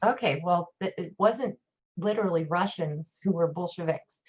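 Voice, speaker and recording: Husky low woman, chatty guest. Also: moderate pace, a little mellow. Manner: chatty, rambling storyteller. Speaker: guest teacher, occult priestess. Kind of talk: casual chat. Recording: dull lo-fi recording.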